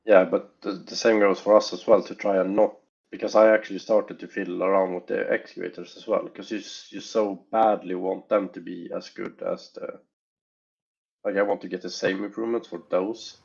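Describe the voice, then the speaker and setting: A low-voiced man with a gravelly, husky tone explains his work as a game developer, pausing to weigh options as he talks. The recording is dull and lo-fi, with the top end missing. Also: level tone, darkish tone. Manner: thoughtful, hesitant, weighing options aloud. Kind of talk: casual interview talk.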